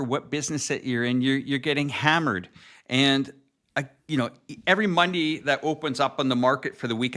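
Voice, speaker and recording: Bright-voiced man co-hosting, earnest. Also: medium pitch. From Canada. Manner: earnest, worried, emphatic. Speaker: co-host of a live talk stream. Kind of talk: casual political chat.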